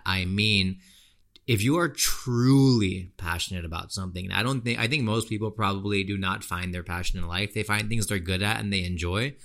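In a deep yet fairly bright voice, a US podcast host rants through a casual monologue, bluntly and full of slang like "dude" and "you know."

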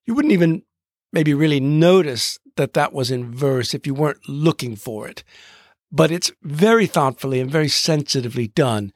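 A man hosting a podcast in a reflective, literary way, slowing down to read verse aloud. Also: medium pitch, vocal fry, dry recording, clean studio sound. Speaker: podcast host. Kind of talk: scripted podcast narration.

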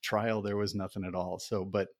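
A man's voice: lowish voice, flat delivery, moderate pace, no echo, studio quality. A man co-hosting a casual podcast chat, rambling and laughing as he talks. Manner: laughing, rambling, trails off softly. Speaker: podcast co-host.

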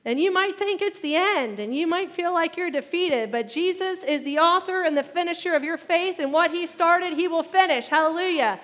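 A woman preaches with a high, bright voice that carries through a long, ringing reverb, as if heard in a large hall. Her sermon is animated, and she pushes louder and higher on the points she wants to land. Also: normal speed. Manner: animated preaching, rising and loud at emphatic points.

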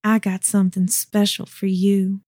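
A woman's voice: mid-range voice, little pitch movement, unhurried, no room sound, studio quality, close to an everyday voice. A woman playing a sultry, coaxing seductress. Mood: seductive. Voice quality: soft and sultry, calls him honey and sugar. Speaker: voice actor. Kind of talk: audio drama acting.

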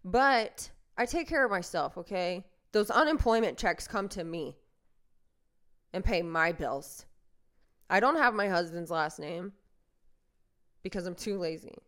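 A young woman talks through her own podcast in a loose, self-deprecating monologue, circling back with fillers and half-finished starts. Her voice is smooth and clear. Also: medium pitch, a bit bright. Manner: rambling, self-deprecating, many fillers and restarts. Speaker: podcast host. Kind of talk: casual monologue.

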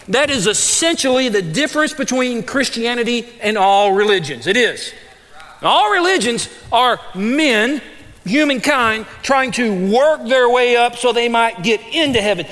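A man's voice: extremely high pitch, lively intonation, normal speed, pushed and bright, big-room sound. A male pastor preaching a conversational sermon in an emphatic, repetitive, street-casual way.

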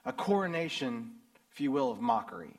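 A middle-aged American man preaching a sermon and reading scripture, swinging between loud emphasis and hushed, low passages. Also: big pitch swings, fairly quick. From United States. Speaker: pastor.

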